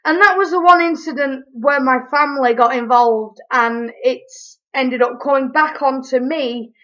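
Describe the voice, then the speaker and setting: Chatty young woman, high voice. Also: highs cut off. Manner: animated, chatty, quick asides. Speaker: vlogger. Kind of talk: casual storytelling.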